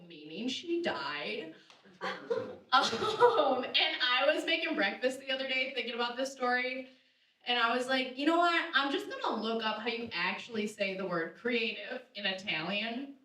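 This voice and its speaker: Young female stand-up comic, high and bright voice, animated delivery. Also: a little slow. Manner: animated, laughs at own jokes, loud punchlines. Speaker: stand-up comedian. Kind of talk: stand-up comedy set. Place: live theater stage. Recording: roomy theater sound, distant mic.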